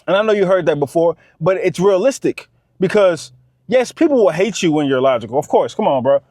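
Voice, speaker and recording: A man's voice: sits high, lively intonation, brisk, darkish tone, no echo, clean studio sound. A man giving a casual, preachy monologue, repeating his points with emphasis. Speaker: vlogger.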